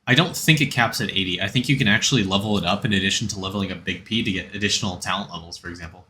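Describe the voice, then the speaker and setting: Bright-voiced male game streamer. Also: sits low, racing, slight background noise. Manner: rambling, answers chat between game tips. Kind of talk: casual game stream chat.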